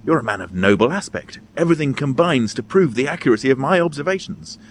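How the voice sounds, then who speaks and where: A man reading the lines of an excitable eccentric old male stargazer in a storybook, with hurried, eager declaiming. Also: mid-range voice, slight background noise, voice pushed up, lightly acted.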